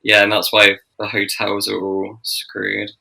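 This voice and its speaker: A man co-hosting a podcast, chatting in a relaxed, agreeable way about a book. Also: lowish voice, measured pace, gravelly, low-quality recording. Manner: relaxed, agreeable, short remarks. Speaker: podcast co-host. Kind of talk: casual book-recap chat.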